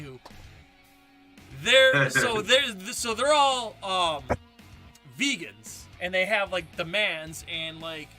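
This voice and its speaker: A man's voice: high-pitched, bright, forceful tone. A man co-hosting a show, chatting casually and exclaiming as he tells stories. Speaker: podcast co-host. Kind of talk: casual chat.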